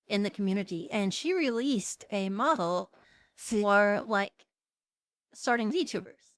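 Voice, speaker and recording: A young woman hosting a casual live stream, talking in a chatty, giggly way with plenty of ums and uhs. Her voice sits fairly high. The sound is dry, with no room around it. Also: dry recording. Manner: chatty, giggly, lots of fillers. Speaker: VTuber streamer host.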